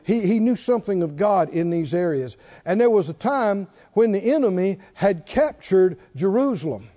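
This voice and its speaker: A man's voice: high voice, normal speed. A male pastor preaching a sermon, telling a story with acted-out dialogue and laughter. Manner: animated, acts out dialogue, laughs. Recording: dull lo-fi church recording.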